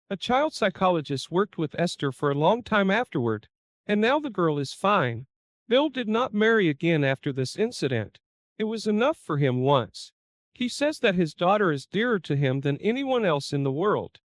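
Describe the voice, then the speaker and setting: Man, storyteller, high voice, animated pitch, dry recording, steady read. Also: normal speed, dry recording. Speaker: narrator. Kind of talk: scripted story narration.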